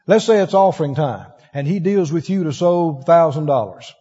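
High, lively-voiced preacher in echoey hall. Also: male voice, moderate pace, husky. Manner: animated storytelling, acts out voices, laughs often. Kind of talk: sermon. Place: church. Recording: dull echoey church hall recording.

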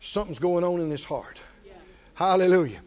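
A man preaching a sermon in an animated, conversational way with chuckling asides. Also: high voice, moderate pace. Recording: dull audio in a large reverberant hall.

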